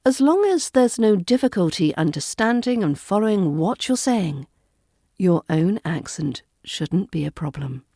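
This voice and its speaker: British woman w/ soft RP accent teaching on her podcast, mellow voice, lively ups and downs. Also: lowish voice, no echo, clean studio sound. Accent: Southern English RP. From Britain. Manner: clear, deliberate teacherly delivery. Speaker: accent coach and podcast host. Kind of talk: scripted podcast lesson.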